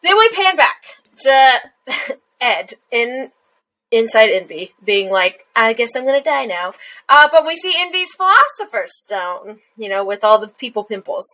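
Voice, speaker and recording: A woman's voice: a little high, big pitch swings, a little slow, sharp tone, rough recording. A young woman co-hosting a casual podcast chat, rambling with lots of fillers and giggles. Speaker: podcast co-host. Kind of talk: casual chat recapping an anime episode.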